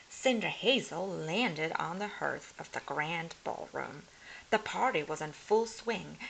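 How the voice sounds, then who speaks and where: A woman reading a humorous picture book aloud as a storyteller, slow and expressive. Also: low voice, gravelly, rough recording.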